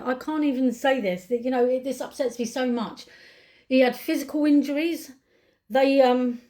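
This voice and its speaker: A British woman vlogging straight to camera, her fairly high voice strained with anger and distress. She circles back on her words, repeating them as she vents. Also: a little mellow. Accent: British English. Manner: upset, angry ranting with repeated words. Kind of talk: emotional commentary to camera.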